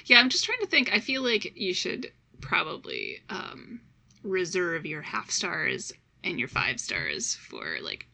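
A young woman co-hosting a casual podcast, talking in a chatty, halting way with restarts and laughs. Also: lowish voice, wildly swooping pitch, gravelly, sharp tone. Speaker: podcast co-host. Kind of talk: casual chat.

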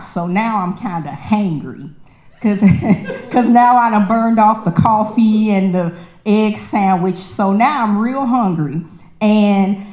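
A woman tells a personal story in a lively, conversational way. She slips into the voices of the people she quotes and laughs along the way. Her mid-range voice rings in an echoey room. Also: mid-range voice. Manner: animated, acts out quoted voices, laughs often. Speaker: storyteller sharing a personal testimony. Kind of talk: casual storytelling with scripture.

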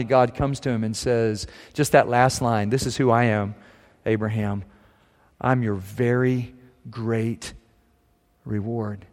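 A man preaching a sermon in a relaxed, conversational way, closing in prayer. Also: mid-range voice, long reverb tail. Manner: conversational preaching, sings hymn lines softly. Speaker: pastor.

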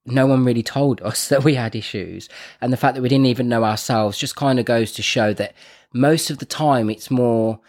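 A man talks through a podcast conversation at an everyday pitch. He rambles and laughs easily. His tone is loose and conversational. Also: moderate pace, darkish tone. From Birmingham, England. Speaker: podcast co-host. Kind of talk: casual chat.

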